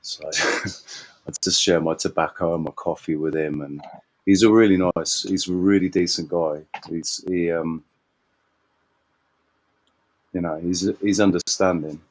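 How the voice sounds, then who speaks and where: A man's voice: sits low, fairly even intonation, measured pace, long pauses, rough recording. A man chatting casually in a meandering, hesitant way and laughing easily. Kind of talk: casual chat.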